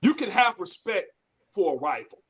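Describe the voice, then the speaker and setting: A man's voice: sits high, moderate pace, husky, rough recording. A man, telling stories bluntly and profanely in a casual podcast chat. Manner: blunt, profane, animated storyteller.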